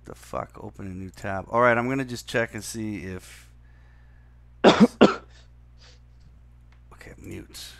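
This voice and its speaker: Distracted man muttering over software. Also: lowish voice, takes it slowly, creaky, pauses often, smooth, no room sound. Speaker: podcast co-host. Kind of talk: casual chat.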